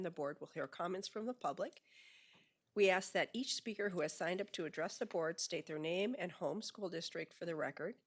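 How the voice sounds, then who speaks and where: A woman chairing a school board meeting, reading a prepared statement in a measured, procedural way into a desk microphone. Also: fairly low pitch. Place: public board meeting room.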